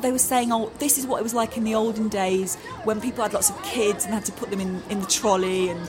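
A woman playing an excited customer fresh out of a scare attraction in an improvised comedy sketch, breathless and rambling. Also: medium pitch, fast, close to an everyday voice. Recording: loud music and crowd behind.

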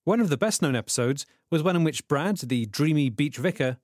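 A man narrating a comedy podcast investigation in an earnest, self-important, deadpan way. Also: fairly high pitch, brisk, dry recording, clean studio sound.

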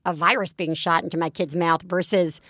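A woman co-hosting a podcast in casual chat, telling a story with lively acted-out quotes. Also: lowish voice, a little fast, no room sound, studio quality. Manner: animated storytelling, acts out quotes. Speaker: podcast co-host.

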